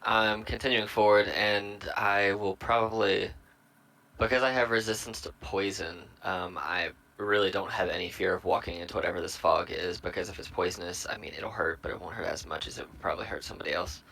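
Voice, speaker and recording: Man, very deep voice, bright forceful tone, hesitant, lots of ums, tabletop player. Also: fairly even intonation, a little fast, gravelly, low-quality recording. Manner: thinks aloud, hesitant with many ums. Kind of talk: casual tabletop game chat.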